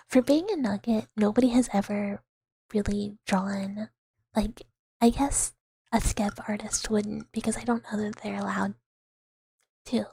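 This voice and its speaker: A woman VTuber streamer chatting with viewers in a soft ASMR whisper, rambling with fillers and giggles, close to the mic. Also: on the high side, breathy edge, no echo.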